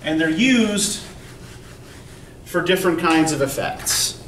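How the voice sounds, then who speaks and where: Slow-talking male instructor in an echoey classroom. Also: fairly high pitch, expressive, a bit bright. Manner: explains step by step, often checks with "right?". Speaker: college English instructor. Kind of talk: classroom lecture. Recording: echoey classroom from far off, faint noise.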